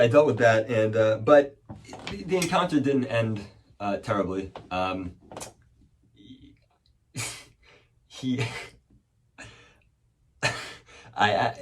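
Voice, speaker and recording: A man's voice: lowish voice, slow pace, pauses often, recorded from a distance, a little hiss or hum. A man telling a casual story as a podcast host, rambling and profane, with many fillers and restarts.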